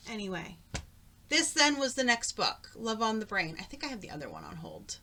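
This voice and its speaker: Chatty woman with a bright voice. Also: mid-range voice, very animated, a little fast. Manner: chatty, rambling, goes off on tangents. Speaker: craft vlogger. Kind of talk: casual chat. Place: home.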